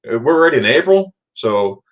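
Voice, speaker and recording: Middle-aged male livestream host, chatty and upbeat, mid-pitched voice, greets viewers with sudden excited jumps. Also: fairly quick. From Florida, USA. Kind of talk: casual livestream chat reading viewer comments.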